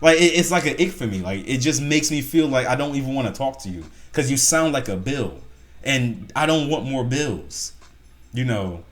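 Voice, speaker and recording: A man's voice: mid-range voice, animated, normal speed. A man hosting a casual reaction video, talking bluntly and at length and swearing often.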